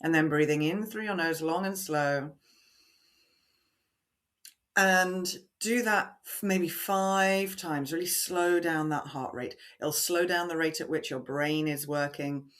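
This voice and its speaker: A woman voice coach in a podcast interview, explaining techniques in a deliberately resonant, measured way and guiding listeners through breathing exercises. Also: deep voice, a bit bright.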